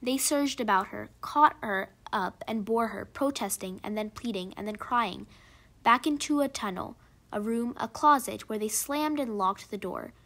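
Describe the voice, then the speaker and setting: A woman narrating a short story aloud in a measured, expressive reading. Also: on the high side.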